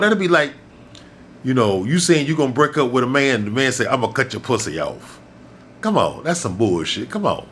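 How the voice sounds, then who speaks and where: A man delivers a blunt, profane rant straight to his listeners. He lectures like a preacher and hammers points home by repeating them. His pitch swings widely, and a faint rumble sits under the recording. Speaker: host. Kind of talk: ranting monologue to camera.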